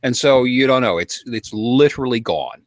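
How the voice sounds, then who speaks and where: A man telling a long story to a panel in a casual, animated way, acting out quotes and getting worked up. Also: medium pitch, normal speed, dry recording.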